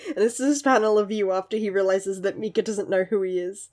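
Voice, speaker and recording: A young woman reviewing a manga chapter in casual chat, gushing and giggling often, with lively asides. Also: medium pitch, a little fast, few pauses.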